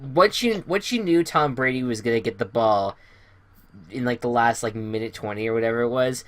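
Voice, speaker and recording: A man's voice: medium pitch, normal speed, fairly bright tone. A man hosting a casual sports podcast, rambling through game recaps with many fillers and restarts. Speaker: podcast host.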